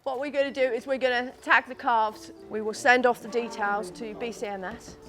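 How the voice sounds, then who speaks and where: A woman's voice: a little high, fairly even intonation, moderate pace, soft background music. A middle-aged English woman farmer talking casually and with feeling about her animals. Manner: chatty, emotional, talks softly to animals. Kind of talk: casual chat on a farm.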